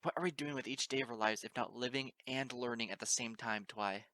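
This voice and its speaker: A man's voice: mid-range voice, fairly quick, sharp tone, no echo, close to an everyday voice. A man reading the part of an easygoing, teasing female pony teacher, in a breezy, sarcastic, pushy way. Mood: persuasive. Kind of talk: amateur audiobook reading.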